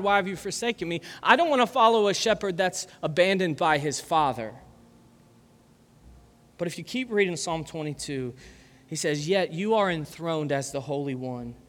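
A man's voice: high-pitched, long reverb tail. A man preaching a conversational sermon as a pastor, asking the crowd questions and laughing often. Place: church hall.

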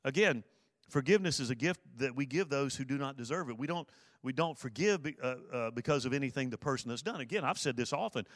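A man's voice: medium pitch, expressive, fast, dry recording, studio quality. A man preaching a sermon, earnest, repeating his key phrases for emphasis. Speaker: pastor.

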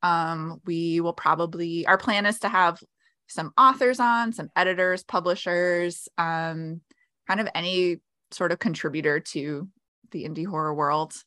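A woman's voice: on the low side, a little slow, bright, forceful tone, dry recording. A woman co-hosting a casual podcast, chatty with frequent fillers. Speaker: podcast co-host.

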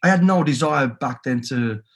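A man's voice: mid-range voice, lively intonation, normal speed. A middle-aged man with a Birmingham accent, a guest in a podcast interview, telling his story bluntly and swearing freely. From England. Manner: blunt and swearing freely, telling stories with quoted inner thoughts.

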